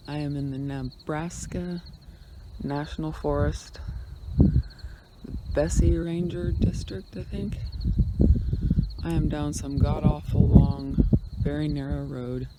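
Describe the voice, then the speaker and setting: On a road trip, a man vlogs from a forest campsite, speaking casually into a handheld phone and rambling until his thoughts trail off. His fairly high voice stays fairly even, moving slowly with long pauses. The outdoor phone recording is battered by wind, with crickets in the background.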